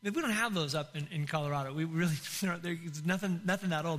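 A man's voice: high voice, animated, brisk, few pauses, pushed and bright. A male pastor preaching a sermon in an impassioned way, with many restarts and repeated phrases.

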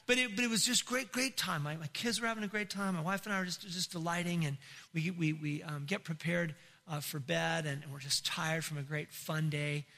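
A middle-aged man, a pastor, telling a comic story in a sermon, animated and bursting into shouts. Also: on the high side, brisk.

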